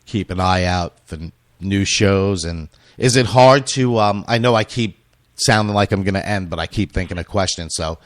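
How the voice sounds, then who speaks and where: A male radio host with a very low voice that is going hoarse. He rambles through casual questions, full of fillers and restarts. The sound is dry and close. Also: normal speed, no room sound. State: losing his voice. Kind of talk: casual interview chat.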